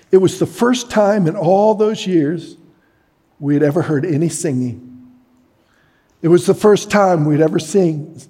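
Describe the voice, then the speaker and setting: A middle-aged man preaching a sermon, telling a story dramatically and shouting at its peaks. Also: high-pitched, slightly rough. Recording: long hall reverb.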